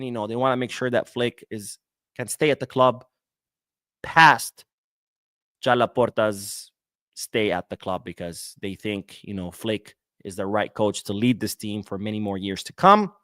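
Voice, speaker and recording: A man hosting a casual solo podcast, reading viewer comments and answering them in an animated, outspoken way, sometimes swearing. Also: medium pitch, clear, resonant tone, dry recording, clean studio sound. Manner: animated, talks back to viewers, swears when worked up. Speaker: podcast host. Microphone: webcam setup, talking to camera.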